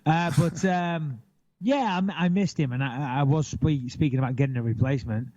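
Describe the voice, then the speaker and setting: A man in his thirties chatting casually as a podcast co-host, blunt and animated, with plenty of swearing. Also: a little high, normal speed, highs cut off. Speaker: podcast co-host, retired fighter. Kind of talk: casual chat.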